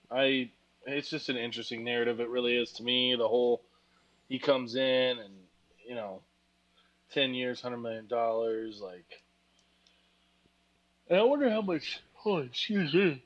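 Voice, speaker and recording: A podcast co-host with a mid-range, slightly bright voice rambles tiredly about football, trading crude jokes and leaning on lots of fillers. The casual sports chat has a slightly dull lo-fi sound.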